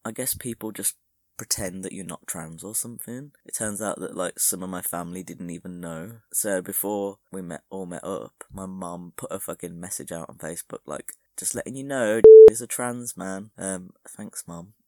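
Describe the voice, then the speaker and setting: A man's voice: low-pitched, steady tone, moderate pace, no echo, studio quality. A young man hosting a solo podcast, rambling with crude, self-mocking humour. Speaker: podcast host.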